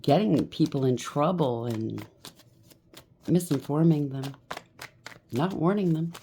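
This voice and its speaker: Low-voiced, blunt woman tarot reader. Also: slow, mellow, slight background noise. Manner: blunt, scolding. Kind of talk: tarot card reading.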